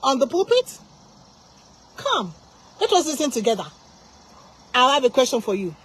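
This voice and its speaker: High-pitched woman preaching. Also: very animated, moderate pace, fairly bright tone, slightly rough. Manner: impassioned, with rhetorical questions and repetition. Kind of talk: informal sermon.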